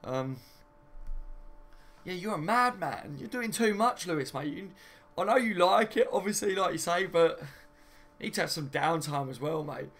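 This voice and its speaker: A man's voice: high-pitched, animated, normal speed, a bit bright. A young man hosting a casual live stream from home, reading viewer comments and laughing often. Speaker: fan channel host.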